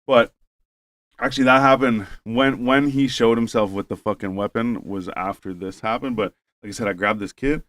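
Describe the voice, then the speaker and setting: A man's voice: mid-range voice, normal speed, no echo. A man on a podcast, telling a rambling, profane story in casual chat and acting out what people said. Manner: profane, rambling, animated retelling with quoted voices. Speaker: podcast host.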